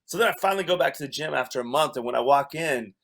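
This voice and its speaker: A man's voice: medium pitch, expressive, very fast, vocal fry, fairly bright tone. A man from Wyoming, a comedian guest, casually telling a story with restarts and laughter. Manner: rambling, self-interrupting, laughs through the story.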